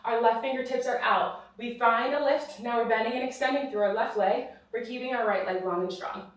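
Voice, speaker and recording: In a studio with a reformer machine, a woman with a higher voice and fairly even intonation talks briskly while out of breath. She's a Pilates instructor guiding a follow-along class with encouraging prompts and counted repetitions, recorded by a far-off mic in an echoey room.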